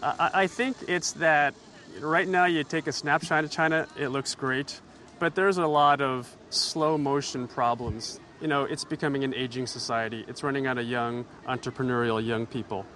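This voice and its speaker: A man's voice: mid-range voice, steady tone, moderate pace, sharp tone, a little hiss or hum. Wry man reporting outdoors. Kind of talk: on-location radio report. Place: outdoors at a busy expo.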